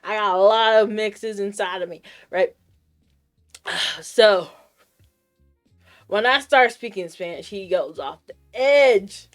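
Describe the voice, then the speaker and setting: A woman streamer from the United States with Puerto Rican roots, telling a story to her chat in a casual, animated rant and acting out both sides of the exchange. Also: mid-range voice, slow pace, pauses often. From United States, of Puerto Rican Caribbean roots. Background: faint lo-fi music.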